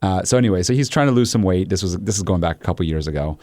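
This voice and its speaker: A man's voice: deep voice, racing, dry recording, clean studio sound. A male podcast host, chatting casually and acting out funny stories with quoted dialogue. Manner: animated storyteller, acts out quoted dialogue. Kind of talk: casual storytelling chat.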